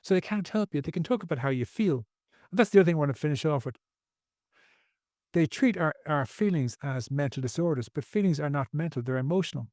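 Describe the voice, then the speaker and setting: A man's voice: fairly high pitch, animated, fast talker, a little mellow, no room sound, studio quality. A man speaking as a podcast guest, earnest and preachy, repeating phrases for emphasis. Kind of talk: podcast interview.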